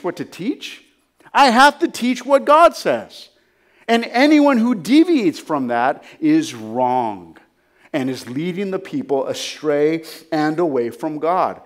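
A man, a pastor, preaching a sermon with emphasis, often checking in with the congregation with "right?" and "amen?". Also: extremely high pitch.

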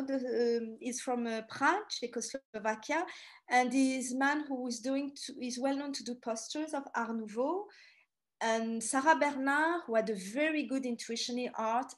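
A middle-aged woman from France with a French accent, telling stories in an animated, chatty presentation full of asides. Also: a little high. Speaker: tour guide giving a talk. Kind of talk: storytelling presentation.

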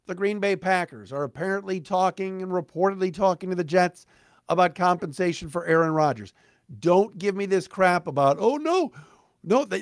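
A man's voice: fairly high pitch, no echo, clean studio sound. A middle-aged man hosting a sports podcast, delivering a blunt, emphatic, sarcastic monologue. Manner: blunt, emphatic, sarcastic, mocks fans in put-on voices.

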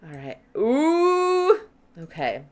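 A woman playing a tabletop storytelling game with friends, talking in an animated, gleeful and playful way. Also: high voice, extremely slow. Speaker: player.

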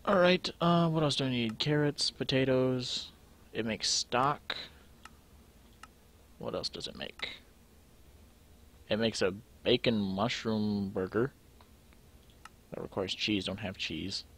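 A man's voice: mid-range voice, takes it slowly, long pauses, a bit bright. A young man thinking aloud to himself as he plays through a game, in casual commentary. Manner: thinking aloud, musing to himself while sorting items. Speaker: let's play gamer.

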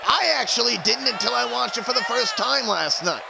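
Male stream commentator, announcer energy, high and very gravelly. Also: animated, brisk, hardly any pauses, crowd noise, noisy background. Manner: hype announcer, chatting to live stream viewers. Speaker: wrestling commentator. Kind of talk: play-by-play commentary of a video game wrestling show.

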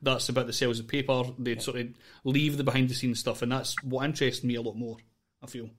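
Fast-talking male podcast host. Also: medium pitch, level tone. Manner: rambling, hesitant, many fillers. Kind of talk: casual interview chat.

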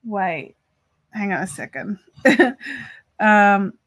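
A woman's voice: mid-range voice, expressive, very slow, fairly bright tone. A woman hosting a crochet live stream, chatting casually and talking straight to her viewers as she reads their messages. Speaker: crochet livestream host.

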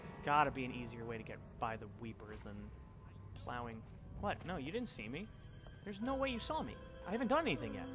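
A young man giving casual, sweary commentary on a video game he is playing, turning excitable and yelling whenever things go wrong. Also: mid-range voice, a little fast, music in the background. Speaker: let's play commentator.

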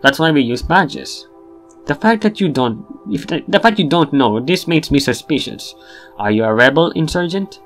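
A man's voice: fairly high pitch, animated, normal speed, soft background music, lightly acted. A man voicing a bossy young male ship bartender who talks like a drill sergeant, barking orders in an officious way. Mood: interrogating. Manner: barking, officious, then chummy.

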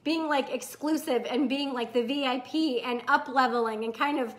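A middle-aged woman hosting a casual live chat, candid and swearing freely, bursting into excited whoops as she reads comments. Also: sits high, normal speed. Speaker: host.

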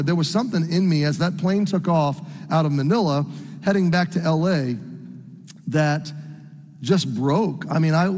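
A middle-aged man from the United States preaching a sermon as a story, earnest and halting with frequent restarts. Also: sits high, darkish tone, big-room sound. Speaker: pastor.

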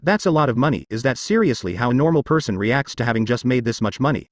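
A cocky, boastful informant talks bluntly, sure of himself, put on by a male narrator. The delivery is lively and rises and falls a lot. The recording is dry and close, with no room sound. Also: mid-range voice, fast talker, no echo, lightly acted. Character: deep-voiced male informant, brash and cocky. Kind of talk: audiobook character dialogue.

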